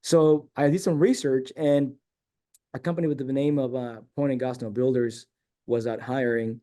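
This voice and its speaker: A man's voice: medium pitch, moderate pace. A middle-aged man from San Diego telling a long personal story as a guest in a casual interview, acting out the voices of people he quotes. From San Diego, California. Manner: rambling, animated storyteller who acts out quoted dialogue.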